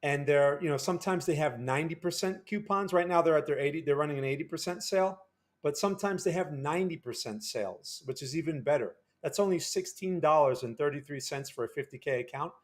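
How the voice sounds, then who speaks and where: A man's voice: on the high side, fast talker. A man casually talking through live futures trading on a stream, chatty and repeating himself, often tagging sentences with "right?". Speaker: day trader and live streamer.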